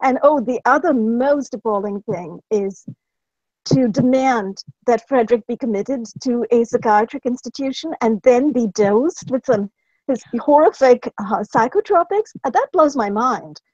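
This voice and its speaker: High-voiced indignant woman host, lo-fi. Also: expressive, a little slow, darkish tone, no room sound. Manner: indignant, emphatic. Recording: dull, dry lo-fi call audio.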